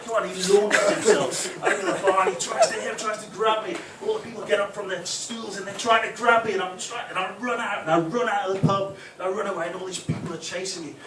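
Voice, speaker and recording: A man's voice: sits high, fast talker, few pauses. A man doing a stand-up set in a club function room, telling a rambling story and checking in with the crowd. He is heard from a distance in an echoey room, with a noisy background of crowd ambience. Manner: storytelling with frequent "right?" tags. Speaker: stand-up comedian. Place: football club function room with a live audience.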